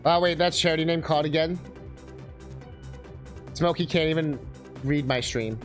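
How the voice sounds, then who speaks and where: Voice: mid-range voice, moderate pace, soft background music. A streamer giving casual, crude, joking commentary while watching game videos.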